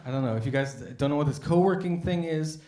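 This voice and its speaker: An American man on stage doing a stand-up comedy set, with a voice that sits a bit high for a man. He talks in a loose, conversational way and slips into voices for the people in his stories. The sound bounces around an echoey café room. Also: quick pace, dark tone. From United States. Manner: conversational storytelling with acted-out voices. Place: café stage with a live audience. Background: audience laughter.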